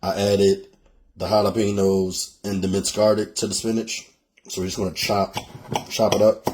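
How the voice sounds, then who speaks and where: Mellow low-voiced Philadelphia man. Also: little pitch movement, moderate pace, a little hiss or hum. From Philadelphia, USA. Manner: chatty, addresses viewers as "y'all". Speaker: cooking show host. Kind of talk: casual cooking tutorial.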